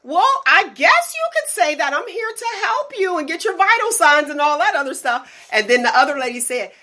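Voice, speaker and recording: A woman in her forties hosts a casual chat and tells lively stories. Her voice is bright and ringing, and its pitch swings widely as she goes. She laughs often. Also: brisk. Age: 40s. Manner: laughing, animated storyteller. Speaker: podcast host, nurse.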